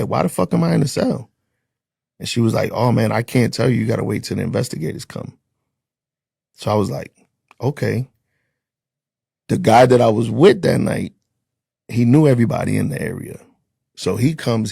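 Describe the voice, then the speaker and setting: A man with a low, heavily gravelly voice tells his story in a blunt, casual way. He swears freely and acts out what people said to him. His voice is husky, and the sound is dry and close. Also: dark tone, no echo. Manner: blunt, profane, acts out dialogue. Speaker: interview guest, former corrections officer.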